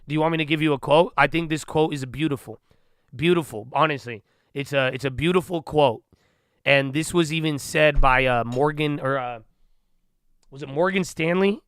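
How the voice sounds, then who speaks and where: A man's voice: medium pitch, pushed and bright, clear, resonant tone, no echo, studio quality. A man hosting a trading livestream, rambling loosely and talking to his chat with "bro" and "man". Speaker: stock trading streamer.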